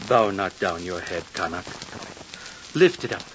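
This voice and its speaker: A greedy, pompous village mayor. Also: male voice, sits low, lively intonation, a little slow, background noise. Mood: knowing. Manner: pompous, knowing, formal speech. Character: greedy, sly village mayor obsessed with taxes. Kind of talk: old radio drama acting. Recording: dull lo-fi old radio recording.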